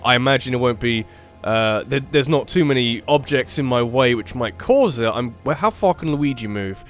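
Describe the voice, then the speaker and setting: A man with a sore throat rambling through let's play commentary, often correcting himself and breaking into excited outbursts. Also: medium pitch, moderate pace, faint music behind. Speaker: gaming channel host.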